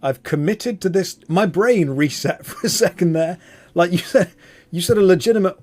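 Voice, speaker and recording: A man streaming a game, chatting casually with viewers in an animated, self-mocking way. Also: on the high side, moderate pace. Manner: animated, self-mocking, jumps between chat and gameplay. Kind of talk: casual live-stream chat while gaming.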